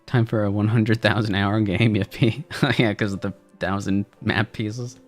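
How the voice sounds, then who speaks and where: A man's voice: on the low side, fairly even intonation, moderate pace, soft background music. A man streaming a game demo review, making jokey, meme-filled asides. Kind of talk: live gameplay commentary.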